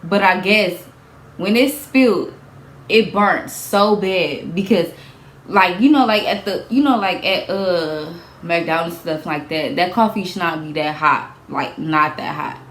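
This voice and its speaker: A young woman telling a storytime vlog in a casual, animated way, repeating herself, swearing and laughing as she goes. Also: lowish voice, measured pace, reverberant. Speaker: vlogger.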